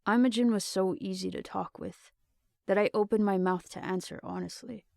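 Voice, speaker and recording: A woman narrating a novel aloud in a steady, measured reading. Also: medium pitch, gravelly, dry recording, clean studio sound. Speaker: audiobook narrator. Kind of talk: storybook narration.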